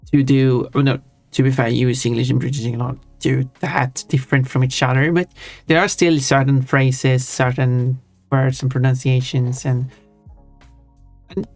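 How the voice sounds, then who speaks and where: Male streamer, casual thinking-aloud chatter, even tone, dry mic. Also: mid-range voice, no echo. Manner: rambling, thinking aloud with frequent self-corrections. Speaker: livestreamer. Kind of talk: casual chat while drawing on stream.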